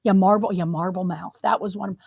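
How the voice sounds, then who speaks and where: A woman's voice: medium pitch, fairly even intonation, a little fast, creaky, a little mellow, husky, no room sound. A woman co-hosting a political podcast, agreeable and mocking in tone. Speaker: podcast co-host. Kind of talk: casual political chat.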